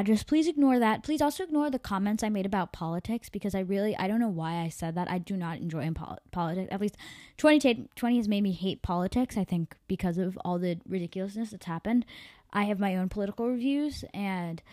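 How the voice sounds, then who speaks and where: A woman's voice: medium pitch, darkish tone, dry recording. Woman reading her story with small slips. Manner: amateur reading with slips and self-corrections. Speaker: podcast storyteller.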